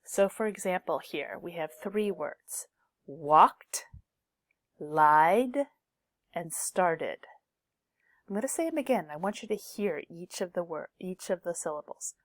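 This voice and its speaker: Slow, deliberate woman teaching pronunciation. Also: on the low side, expressive, no echo, studio quality. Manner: slow, deliberate, repeats each word twice to model sounds. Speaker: English teacher. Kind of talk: classroom pronunciation lesson.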